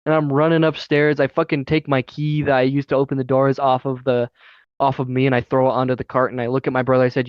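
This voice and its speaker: A man's voice: mid-range voice, flat delivery, fast talker, clear, resonant tone, no echo, lo-fi sound. A young man telling a story in casual chat as a podcast co-host, heated and profane throughout.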